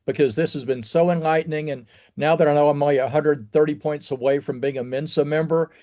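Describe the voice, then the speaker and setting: A man with a somewhat high voice hosts an interview show. He asks friendly questions one after another and thanks his guest warmly at the close. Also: steady tone, fairly quick. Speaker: podcast host. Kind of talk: interview hosting.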